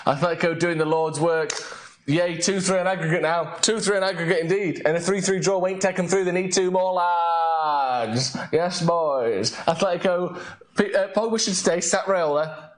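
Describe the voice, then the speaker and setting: A fairly high-voiced man hosts a late-night live stream from home. He chats loosely, reads out viewers' comments and bursts into loud excitement over a match. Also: normal speed. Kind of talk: casual live stream chat.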